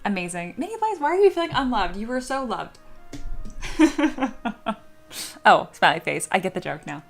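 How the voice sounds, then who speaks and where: A woman's voice: on the high side, big pitch swings, moderate pace, gravelly, faint music behind. A young woman streamer chatting casually with her viewers, swearing and playing up dramatic mock outrage. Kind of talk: casual live-stream chat.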